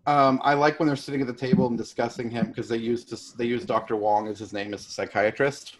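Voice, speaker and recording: Relaxed man, casual podcast chat. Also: medium pitch, fast talker, slight background noise. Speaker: podcast co-host.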